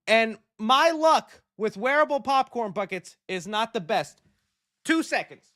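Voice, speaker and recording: A young man hosting a casual movie chat show, excitable and jokey, rambling as he goes. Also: sits high, measured pace. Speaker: show host.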